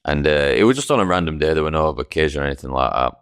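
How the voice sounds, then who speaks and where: A man co-hosting a podcast, an animated storyteller who swears a lot. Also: rumbling low, racing, clean tone, no room sound, studio quality. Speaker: podcast co-host. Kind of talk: casual chat.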